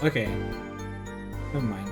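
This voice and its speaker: A woman's voice: very deep voice, unhurried, over music. A woman streaming a game, chatting casually with playful asides. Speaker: gaming streamer. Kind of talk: casual live-stream commentary.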